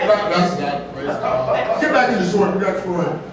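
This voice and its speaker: Man pastor preaching, high voice, heard from far off in a very echoey church with a faint hiss. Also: big pitch swings, brisk, crowd noise. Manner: folksy preaching with jokes, asks "right?" often. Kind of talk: sermon. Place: large church sanctuary. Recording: very echoey church, distant mic, faint noise.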